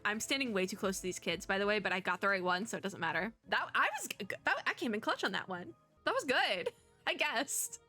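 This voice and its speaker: A young woman VTuber playing a story game, chatty and giggly, reading the dialogue aloud between her own excited asides. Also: medium pitch, quick pace, faint music behind.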